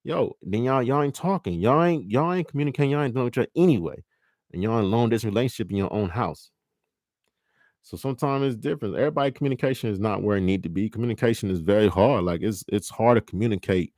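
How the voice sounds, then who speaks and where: Man, young adult, very low voice, casual profane monologue. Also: lively intonation, darkish tone, no echo, studio quality. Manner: loose, profane, acts out both partners in quick quoted bits. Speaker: livestream host.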